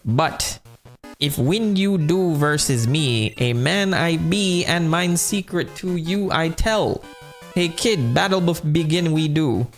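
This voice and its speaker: Male gang crook in a game, raised pitch, slow halting delivery, backwards word order, put-on English-Jamaican accent, faint music behind, as a man reads him out. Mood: boastful. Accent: put-on mix of English and Jamaican. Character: male Team Rocket grunt in broken, backwards English. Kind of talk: reading game dialogue aloud.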